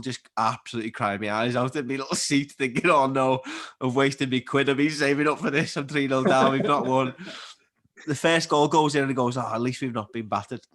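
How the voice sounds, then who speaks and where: A young man with a broad Scouse accent tells stories in a casual podcast chat. He speaks at a fast clip with lively, animated energy. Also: medium pitch. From Liverpool, England. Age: 20s. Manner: animated storyteller, quick and chatty. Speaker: guest athlete.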